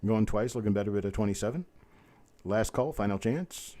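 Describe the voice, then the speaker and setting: Calling a live coin auction online, a man fires off bids in a quick chant and fills the gaps with folksy, easygoing talk. His voice is fairly low, animated and warm.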